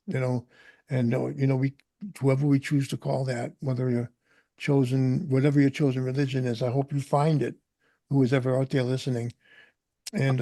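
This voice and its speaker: Gravelly, mellow man hosting a podcast. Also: mid-range voice, no room sound, studio quality. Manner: rambling with many fillers and restarts. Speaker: podcast host. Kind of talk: casual podcast sign-off.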